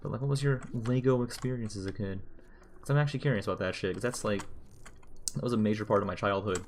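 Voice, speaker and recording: Low-voiced rambling young male streamer. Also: fast talker, slight background noise. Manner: rambling, joking, swears freely. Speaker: game streamer. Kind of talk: casual gameplay commentary.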